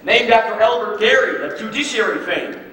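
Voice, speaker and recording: A man playing a smooth-talking traveling salesman posing as a professor, with fast, flattering patter in a stage musical. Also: high-pitched. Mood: glib. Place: theater stage. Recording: echoey hall, miked from far off with music.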